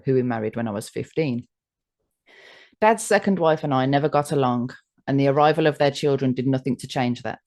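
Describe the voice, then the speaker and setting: An English woman co-hosting a podcast, chatting and reading posts aloud steadily, with dry short remarks. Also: extremely low pitch. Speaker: podcast co-host.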